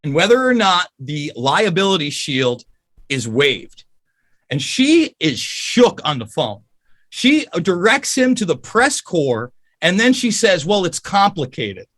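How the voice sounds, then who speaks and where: A man's voice: sits high, very animated, slow, fairly bright tone. A man as a podcast guest, ranting angrily and profanely in an emphatic, heated way.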